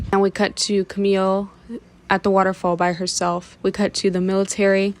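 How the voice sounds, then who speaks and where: A woman's voice: medium pitch, little pitch movement, fairly quick. A woman casually retelling a comic's plot, stringing events together and often restarting her sentences. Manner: frequent restarts and self-corrections. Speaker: webtoon recap creator. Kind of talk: casual story recap.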